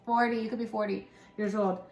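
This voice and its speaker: A woman's voice: mid-range voice, flat delivery, fairly quick, vocal fry, faint music behind. A woman giving a casual pick-a-pile tarot reading, chatty and encouraging, talking straight to her viewers. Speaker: tarot reader. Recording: echoey room with faint background noise.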